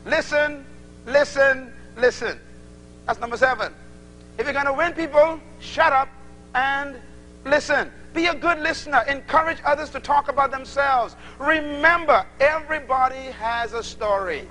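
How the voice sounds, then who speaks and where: A man's voice: very high-pitched, moderate pace, a little hiss or hum, low-quality recording. A man preaching a sermon to a congregation, acting out little dialogues as he teaches. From Bahamas. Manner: animated, acts out little dialogues.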